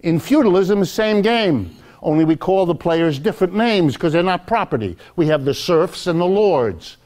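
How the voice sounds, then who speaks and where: An economics professor giving a public lecture, telling history as a lively story and speaking straight to the crowd. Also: male voice, high-pitched, moderate pace. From United States. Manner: animated storytelling, addresses audience directly.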